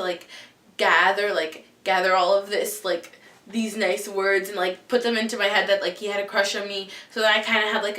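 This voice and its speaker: A woman's voice: mid-range voice, fairly bright tone, distant mic. A girl in her late teens, vlogging casual stories to camera in a rambling way, full of "like" and "um". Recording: echoey room, mic set back.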